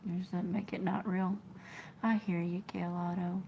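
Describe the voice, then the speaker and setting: A woman, talking to her live-stream viewers in an emotional, halting way that often drops to a whisper. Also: on the low side, flat delivery, gravelly, mellow, a little hiss or hum. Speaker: trucking vlogger reading live chat.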